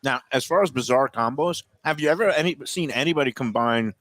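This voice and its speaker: A man's voice: mid-range voice, brisk, a bit bright, no echo. Joking male host talking mid-meal. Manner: joking, talks with his mouth full. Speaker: show host. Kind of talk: casual food chat. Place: food market on location.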